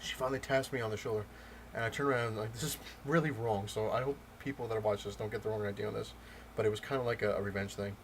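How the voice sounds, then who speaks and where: A man vlogging about comics, telling a story in a loose, rambling way with many pauses and restarts. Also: lowish voice, steady tone, slight background noise. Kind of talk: casual storytelling rant.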